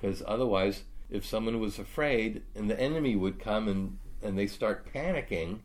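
A man's voice: on the low side, normal speed. A man teaching a Bible study, reading scripture aloud and then explaining it casually.

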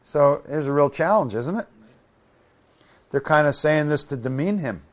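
A man's voice: on the high side, expressive, normal speed. A man giving a Bible study sermon, reading scripture aloud and breaking off with folksy asides. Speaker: preacher.

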